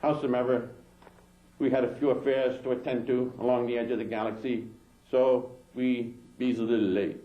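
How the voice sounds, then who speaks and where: A man voicing a small, stern male alien leader who talks slowly and deliberately. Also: medium pitch, level tone, roomy sound, lo-fi sound, lightly acted. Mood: stately. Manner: slow, drawling, deliberate.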